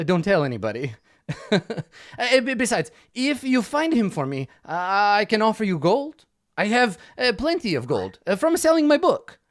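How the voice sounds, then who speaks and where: A man's voice: high-pitched, voice pushed up. A man voicing a nervous, somewhat cowardly middle-aged male author who stammers and talks in fussy, polite phrases.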